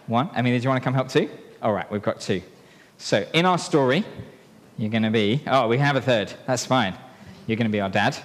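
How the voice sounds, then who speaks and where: A man preaching a sermon in a church, telling a story and drawing helpers into it in a playful, lively way. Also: mid-range voice, brisk. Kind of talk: sermon with a live object lesson. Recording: long reverb in a hall.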